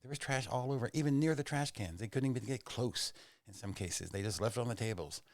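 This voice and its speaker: A man's voice: medium pitch, a little fast, darkish tone, no room sound. A man from Oklahoma, a comedian guest on a podcast, telling rambling self-mocking stories and jokes in a studio. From Oklahoma, USA. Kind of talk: casual storytelling and joke-telling.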